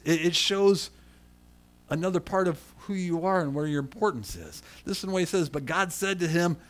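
A man's voice: high-pitched, fairly bright tone. Conversational man preaching a sermon. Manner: conversational, calls on people by name. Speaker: pastor.

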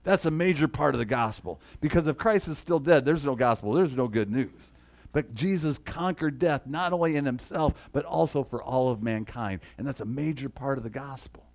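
A man's voice: medium pitch, moderate pace. A middle-aged man preaching a sermon as a pastor, asking the congregation questions and reading scripture aloud with rising emphasis. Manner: animated preaching with call-and-response, reads scripture aloud.

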